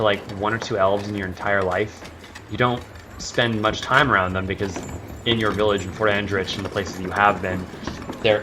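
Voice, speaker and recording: A man's voice: lowish voice, noisy background. A man running a tabletop role-play game as game master, explaining in an easygoing way.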